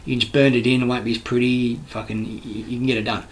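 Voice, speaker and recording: A man's voice: medium pitch, flat delivery, fast talker, rough recording. A man with an Australian accent, a construction worker delivering a rambling, heated, profane monologue full of restarts. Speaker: construction worker giving his views.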